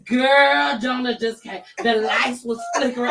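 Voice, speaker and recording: A woman's voice: on the high side, moderate pace, very noisy. A woman hosting a talk show, chatting casually and laughing often as she tells a story, in a studio. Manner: lively, laughs often while talking. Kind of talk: casual chat.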